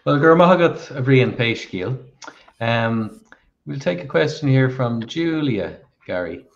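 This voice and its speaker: A man's voice: mid-range voice, lively intonation, creaky. A man hosting a live Q&A, reading viewer questions aloud over a video call. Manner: reads questions aloud at a measured pace. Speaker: host. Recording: dull lo-fi call audio.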